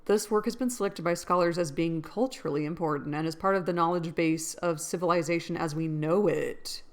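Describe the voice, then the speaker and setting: A woman's voice: on the low side, fairly quick. A woman hosting a casual read-aloud, rambling and thinking aloud between passages and correcting herself as she goes. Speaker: channel host reading a novel aloud.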